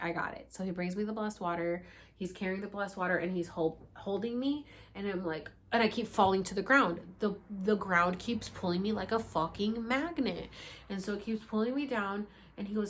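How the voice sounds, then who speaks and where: A young woman vlogs a story to camera at a medium pitch and a slightly fast pace. Casual and animated, she performs her own past lines, with laughing, crying, and casual cursing mixed in.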